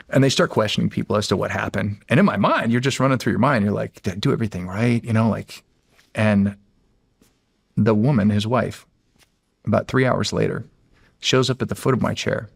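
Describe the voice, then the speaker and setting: A middle-aged man from the United States, a former Navy SEAL, telling a story in a casual, halting way with many restarts. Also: on the low side, no room sound, clean studio sound. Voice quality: gravelly, husky voice.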